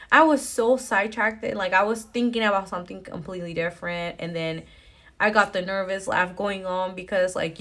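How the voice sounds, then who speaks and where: A woman's voice: mid-range voice, fairly bright tone. A young woman addressing the camera in a casual storytime chat, full of fillers, y'alls and nervous laughs. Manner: chatty, filler-heavy with many likes and y'alls, nervous laughs. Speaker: storytime vlogger.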